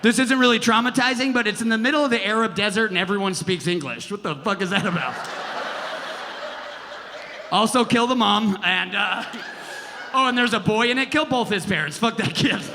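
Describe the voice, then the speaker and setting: A male stand-up comic works a theater crowd, brash and profane, shouting his punchlines. His voice sits high for a man. The live recording carries a long hall reverb and clear audience noise behind him. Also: normal speed, long pauses. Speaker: stand-up comedian. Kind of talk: stand-up comedy set. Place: theater stage.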